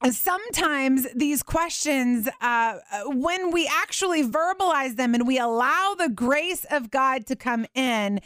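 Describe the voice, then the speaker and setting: A woman, hosting a faith radio show and podcast in a chatty, animated way with frequent laughter. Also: sits high, slow pace, hardly any pauses, no echo, studio quality. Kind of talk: casual faith talk.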